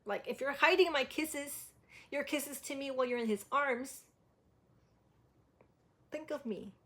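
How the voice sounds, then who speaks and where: High-voiced woman critiquing singing. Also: measured pace, pushed and bright. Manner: demonstrates by singing lines, filler-heavy "like". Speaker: music reaction host. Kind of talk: casual vocal critique.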